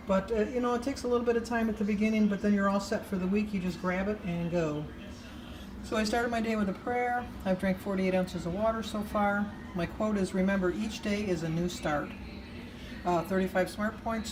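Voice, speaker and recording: A woman's voice: mid-range voice, noisy background. Chatty woman in her sixties vlogging. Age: 60s. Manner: chatty, rambling, homey. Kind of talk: casual chat to camera.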